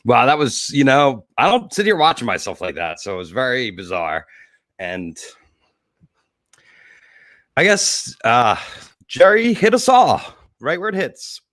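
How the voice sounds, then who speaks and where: A man's voice: mid-range voice, huge pitch swings, measured pace, long pauses, a bit bright, dry recording, studio quality. A man hosting a casual livestream show, rambling and emotional, choked up and teary, with many fillers and restarts. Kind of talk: casual livestream sign-off chat. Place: home.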